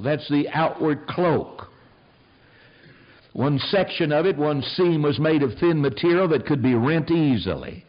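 Older man preaching, lively storytelling. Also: a little high, a little slow. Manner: storytelling, animated and emphatic. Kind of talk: sermon. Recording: dull lo-fi sound.

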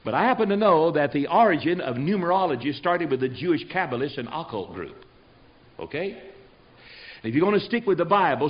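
Folksy, emphatic older preacher man. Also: a little high. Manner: folksy, emphatic, repeats phrases for effect. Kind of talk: storytelling guest on a talk show. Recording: dull lo-fi recording.

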